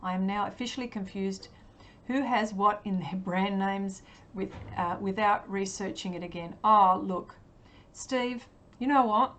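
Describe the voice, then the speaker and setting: A woman's voice: mid-range voice, a little slow, hardly any pauses, fairly bright tone. An Australian woman chatting casually on a livestream as she paints, answering viewers with many ums and frequent laughs. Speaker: livestream artist.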